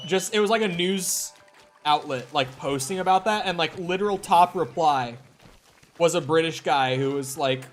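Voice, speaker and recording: Rambling, profane American streamer. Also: male voice, fairly high pitch, slight background noise. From United States. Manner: rambling, profane, many fillers like "like". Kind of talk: casual gaming stream chat.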